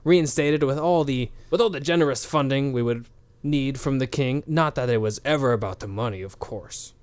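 A man playing in a tabletop game, speaking in a relaxed, amiable way. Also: medium pitch, fairly quick, clean tone, no echo. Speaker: player. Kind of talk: casual tabletop role-play.

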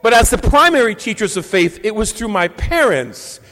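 High-pitched man, Catholic priest, reflective Sunday homily, slow deliberate phrasing, reverberant church. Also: very animated, fairly bright tone. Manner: measured, reflective preaching with deliberate pauses.

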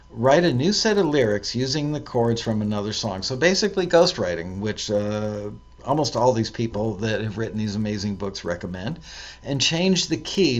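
A man's voice: on the low side, muffled recording. A man hosting a live stream, reading out listener tips and commenting on them, with frequent ums and self-corrections. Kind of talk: casual live-stream talk.

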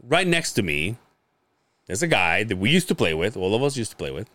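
Animated man telling a story. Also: fairly low pitch, brisk, no room sound. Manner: animated storyteller, acts out quoted people, lots of swearing and laughing. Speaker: podcast co-host. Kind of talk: casual storytelling chat.

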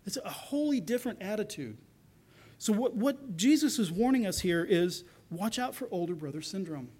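High-voiced pastor preaching. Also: male voice, expressive, normal speed, breathy edge. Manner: earnest, acts out quoted voices, drops soft for tender lines. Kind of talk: sermon.

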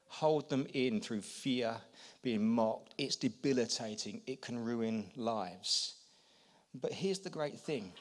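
A man preaching a sermon, animated and acting out quotes, swinging between loud and quiet. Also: medium pitch.

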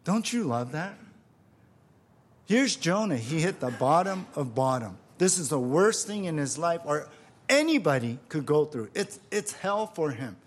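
A man preaching a sermon in a fairly high voice, taking his time over each phrase. He is emphatic, circles back on key words and keeps asking his listeners rhetorical questions. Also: sing-song, measured pace. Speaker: pastor.

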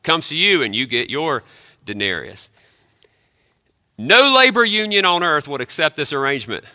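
A fairly high, very bright male voice preaching in a chapel, the sound carrying a long reverb. He is animated and playful, acting out the grumbling he describes. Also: moderate pace. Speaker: military chaplain. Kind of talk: sermon.

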